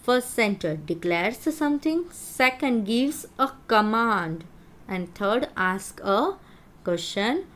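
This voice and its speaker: A woman teacher giving a grammar lesson to schoolchildren, explaining slowly and spelling out words. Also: a little high, animated, fairly bright tone.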